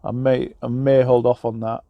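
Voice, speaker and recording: An English truck driver chats casually in a vlog from his truck cab, rambling and self-deprecating with lots of fillers and restarts. His mid-range voice is gravelly and flat at a moderate pace, with no echo and phone-quality sound.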